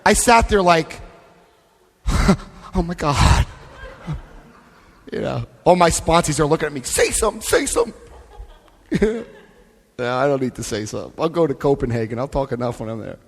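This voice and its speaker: Animated male speaker in a reverberant hall. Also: mid-range voice, a little fast, creaky. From United States. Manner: animated, joking, acts out other people's voices. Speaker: AA convention speaker. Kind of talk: lively recovery talk to a crowd. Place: large convention hall. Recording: live hall recording with long reverb.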